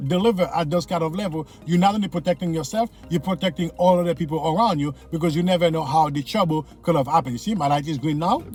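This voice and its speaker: A driving instructor with a fairly high, darkish voice gives casual commentary from inside his car as he guides viewers through city traffic. He coaches them directly, repeating his points and checking that they follow along.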